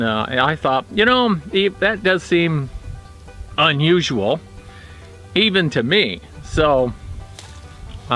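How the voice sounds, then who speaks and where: A middle-aged man, a retired prison officer, telling his own stories in a plainspoken, blunt way, halting often with fillers. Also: medium pitch, a bit bright. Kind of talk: casual storytelling monologue.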